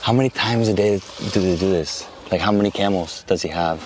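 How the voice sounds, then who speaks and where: A man making a casual, excited travel vlog outdoors at a camel farm, gasping and exclaiming as he films. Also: low-pitched, fairly quick, background noise. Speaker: travel vlogger.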